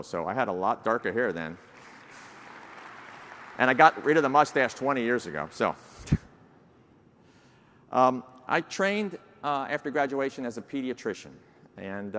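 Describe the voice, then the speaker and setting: Older New York-accented man, lowish voice, folksy keynote with lots of uh, long hall reverb. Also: fairly bright tone. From New Jersey, United States. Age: 60s. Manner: folksy, self-deprecating, frequent uh fillers. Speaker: society president giving an address. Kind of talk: conference keynote speech. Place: large conference hall.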